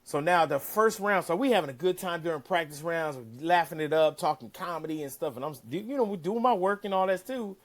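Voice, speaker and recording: Male interview guest with a somewhat high voice, telling casual stories with animated, profane delivery. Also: fairly quick, few pauses. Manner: animated, profane, acts out quotes. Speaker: caddie-turned-broadcaster guest. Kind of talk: casual storytelling.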